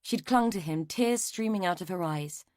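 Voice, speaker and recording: In a dry, clean studio recording, a woman with a lowish voice reads a mystery audiobook. Her scripted narration is measured and even, in a classic storytelling manner.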